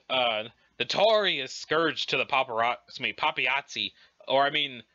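A brash, teasing teenage girl played by a man reading a webcomic aloud who talks in loose slang and keeps prodding for answers. Her voice sits high and swings widely in pitch with a bright, forceful edge, through a dull, lo-fi recording. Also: dry recording.

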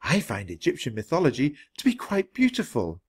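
A man voicing a polite, earnest young Victorian woman who talks gently about what fascinates her. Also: mid-range voice, huge pitch swings, brisk, slightly rough, pitched above the performer's own voice.

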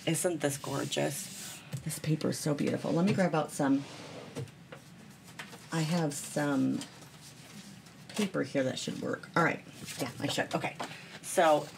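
A woman's voice: deep voice, fairly even intonation, measured pace, vocal fry, long pauses, a little hiss or hum. A woman chatting bubbly and self-deprecating while she demonstrates card making at her craft table, talking to viewers as friends.

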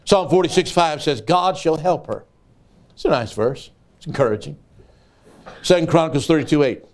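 Casting: older male evangelist, folksy then fiery, light high voice. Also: normal speed. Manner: folksy storytelling that builds to loud preaching cries. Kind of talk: sermon.

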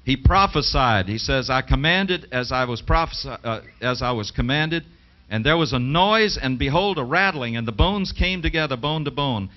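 A man's voice: mid-range voice, expressive, moderate pace. A middle-aged man preaching a sermon and reading scripture aloud. He speaks with emphasis and asks the audience rhetorical questions. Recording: dull lo-fi 1980s television broadcast.

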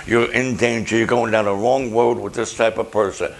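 An older man preaching a sermon as a pastor, passionate and loud, firing off rhetorical questions. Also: on the low side, steady tone, moderate pace, gravelly.

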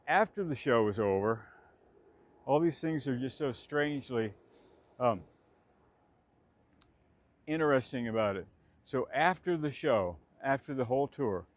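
On a lo-fi recording, a man in his sixties with a slightly high voice casually recalls his theater days while outdoors in a park. He rambles, starts his sentences over, and laughs a lot.

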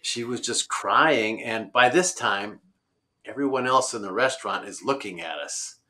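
Bright-toned man telling a road story. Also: fairly low pitch, expressive, a little slow. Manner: rambling, many fillers and restarts. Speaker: road-trip traveler guest. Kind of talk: conversational storytelling.

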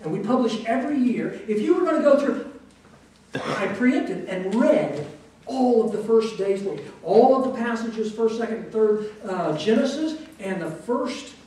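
Joking pastor preaching in an echoey hall. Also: male voice, sits high, dark tone, slight background noise. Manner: folksy and joking, with repeated emphatic words. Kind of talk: sermon. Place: church sanctuary. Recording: echoey church hall, voice from a distance.

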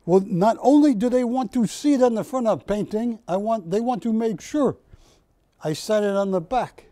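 A man's voice: high voice, lively intonation, normal speed, warm tone, no room sound, clean studio sound, voice pushed up. A man putting on the voice of a proud immigrant painter who speaks in clipped broken English. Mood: blunt. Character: proud older male immigrant painter, blunt.

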